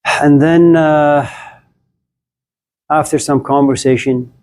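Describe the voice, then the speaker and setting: A man's voice: fairly high pitch, fairly even intonation, takes it slowly, a little mellow. A man giving a live classroom lecture to students, playful and teasing, stacking up jokes through long repetition and calling on students by name.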